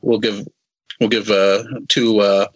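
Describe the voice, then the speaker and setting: A man's voice: lowish voice, level tone, slow pace, no room sound, lo-fi sound. A man in his forties chatting as a podcast guest, rambling with lots of restarts and playful little voice bits. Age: 40s. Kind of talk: casual podcast chat.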